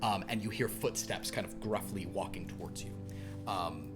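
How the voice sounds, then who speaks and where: A man's voice: deep voice, normal speed, loud music behind the voice. A man narrating as game master of a tabletop horror game, loose and rambling with many fillers.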